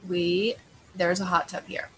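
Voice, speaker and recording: A woman's voice: lowish voice, level tone, measured pace, crowd noise, poor audio. A woman co-hosting a podcast in casual chat, sharing easygoing, self-mocking stories and laughing along the way. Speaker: podcast co-host.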